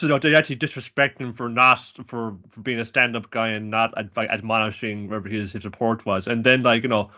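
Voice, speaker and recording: A man's voice: medium pitch, steady tone, quick pace, hardly any pauses, pushed and bright. A man co-hosting a podcast in casual chat, rambling through episode recaps and acting out what the characters say. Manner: rambling, acts out characters' lines while recapping. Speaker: podcast co-host.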